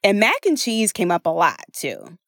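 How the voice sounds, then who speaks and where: An American woman hosting a solo podcast as a weight-loss coach, chatty and expressive, often laughing as she talks. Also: medium pitch, normal speed, no room sound, clean studio sound.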